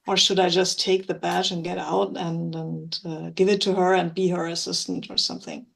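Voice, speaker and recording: Creaky-voiced woman player. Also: fairly low pitch, flat delivery. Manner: quick, playful, self-questioning. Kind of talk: tabletop role-play chat.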